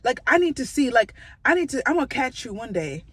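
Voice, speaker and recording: A young woman vlogger telling a storytime, animated and swearing freely, acting out quotes from her coworker. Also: high-pitched, a little fast, a little hiss or hum. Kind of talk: storytime vlog, casual venting.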